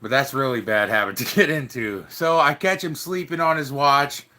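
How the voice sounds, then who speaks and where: A man's voice: mid-range voice, moderate pace, bright, forceful tone. A young man telling stories casually to camera in a loose, slangy, swearing way, acting out the quotes.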